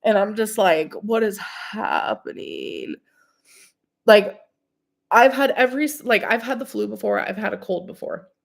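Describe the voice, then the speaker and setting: Gravelly-voiced young woman chatting on stream. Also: medium pitch, moderate pace. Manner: rambling, filler-heavy, chatty. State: sick with a cold-like illness. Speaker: live streamer. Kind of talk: casual live stream chat.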